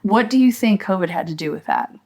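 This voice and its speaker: A woman's voice: medium pitch, lively intonation, a little fast, darkish tone. A middle-aged woman interviewing a young graduate, asking reflective questions and musing on her answers. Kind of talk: oral history interview.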